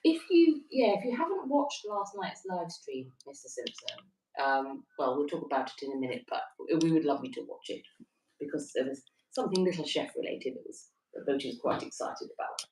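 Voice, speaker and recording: A woman co-hosting a casual livestream, reading out viewer comments with chatty giggles. Her voice is on the low side and swings a lot in pitch. It sounds roomy and a little distant from the mic. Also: big pitch swings, a little fast, a little mellow, a little hiss or hum. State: stiff neck. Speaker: livestream co-host. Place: holiday accommodation in Wales.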